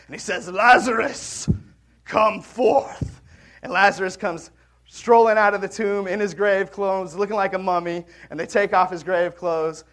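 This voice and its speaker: A man preaching a sermon in a conversational way, swinging between loud emphasis and quiet, hushed drops. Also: on the high side. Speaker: pastor.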